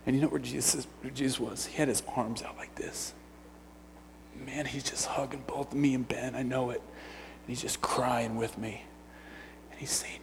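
A man preaching a sermon as a youth pastor, dropping to hushed near-whispers and then rising to loud shouts. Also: medium pitch, steady tone, normal speed, creaky, slight background noise. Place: church sanctuary. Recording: long hall reverb.

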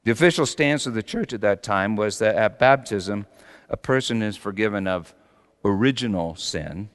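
A middle-aged man preaching a sermon dramatically, swinging between loud high peaks and quiet low passages. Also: moderate pace. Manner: dramatic, with big rises in pitch and volume. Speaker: pastor. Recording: long hall reverb.

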